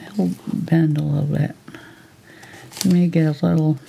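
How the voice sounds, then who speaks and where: A woman teaching a live painting tutorial step by step, thinking aloud as she works in a relaxed, chatty way. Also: low-pitched, moderate pace, gravelly, a little hiss or hum. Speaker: painting instructor.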